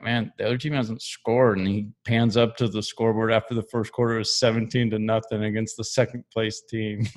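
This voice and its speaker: Low, gravelly man telling laughing stories. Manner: laughing, rambling storyteller. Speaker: co-host. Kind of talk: casual podcast chat.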